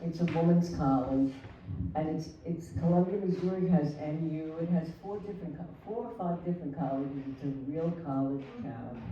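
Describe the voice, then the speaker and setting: An older woman tells animated anecdotes to an audience, slipping into the voices of the people she met. Her tone is warm and dark. The mic sits well away from her in a very echoey hall with a faint hiss. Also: low voice, normal speed, distant mic, lo-fi sound. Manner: animated anecdotes with laughter and acted quotes. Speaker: invited flamenco artist. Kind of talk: storytelling on stage.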